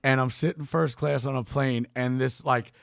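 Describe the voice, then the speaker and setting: A man telling stories on a podcast as a guest, swearing freely and jumping into loud impressions of the people in them. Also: medium pitch, fairly even intonation, moderate pace, gravelly, no echo, clean studio sound. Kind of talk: animated storytelling with acted-out quotes. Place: podcast studio.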